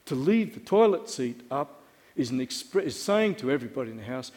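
Delivering a sermon in a church hall full of long echo, a middle-aged male pastor speaks fairly quickly in a mid-range, darkish, very animated voice. He keeps it conversational and wry, putting questions to the people listening.

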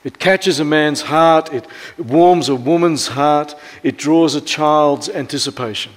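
An Australian man in his fifties preaching a sermon as pastor, telling stories and often dropping to a soft hush. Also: on the high side, measured pace. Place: church. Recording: long church reverb.

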